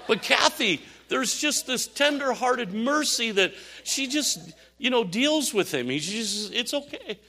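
An older man preaching a sermon, telling animated stories with laughs and asides. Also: very high-pitched, a little slow, hardly any pauses. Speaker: pastor.

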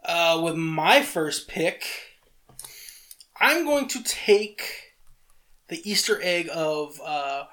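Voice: medium pitch, expressive, fairly bright tone. Laid-back podcast co-host voice. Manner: laid-back, quick agreeing, occasional swearing. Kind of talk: casual chat.

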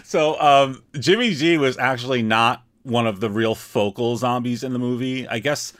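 A man co-hosting a casual podcast, animated and laughing often, swearing freely. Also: mid-range voice, normal speed, dry recording, clean studio sound. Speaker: podcast co-host.

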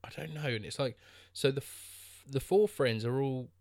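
A man's voice: mid-range voice, expressive, moderate pace, gravelly, a little mellow, no room sound, clean studio sound. A man co-hosting a podcast, chatting casually about a film with many restarts and fillers. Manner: rambling, lots of restarts and fillers. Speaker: podcast co-host.

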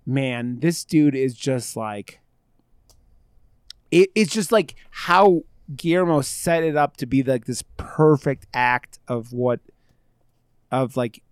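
A man chats casually about a film on a podcast, rambling and swearing, full of fillers and half-finished thoughts. His voice is clear and smooth, sitting in the middle of the male range. The sound is dry and close. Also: mid-range voice, slow pace, dry recording. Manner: rambling, profane, jokey, many fillers. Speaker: podcast co-host.

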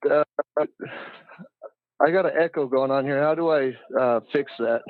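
A man from Montana calling in to a talk show, hesitant and reading text aloud haltingly with many pauses. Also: medium pitch, no echo. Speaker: caller. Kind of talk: phone-in call. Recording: tinny phone line.

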